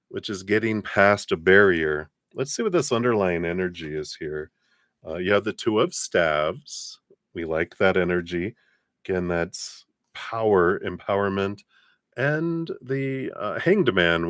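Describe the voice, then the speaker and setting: Deep-voiced man reading tarot live. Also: dry recording. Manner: relaxed, chatty, many fillers. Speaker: tarot reader.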